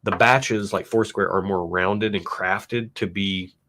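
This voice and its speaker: A man's voice: low voice, slow. A man co-hosting a livestream, chatting casually and rambling with fillers while tasting. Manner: relaxed, rambling tasting talk with many fillers. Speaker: livestream co-host.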